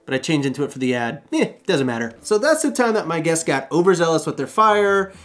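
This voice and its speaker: Animated man in his thirties telling stories. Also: fairly high pitch, a little fast. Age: 30s. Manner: animated, jokey asides, acts out quotes. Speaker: short-term rental host. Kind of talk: casual storytelling vlog.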